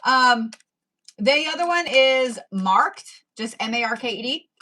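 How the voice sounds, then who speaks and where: A woman's voice: a little high, lively intonation, measured pace, pushed and bright. A woman giving a casual tarot reading, chatty and profane, with laughing asides. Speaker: tarot reader.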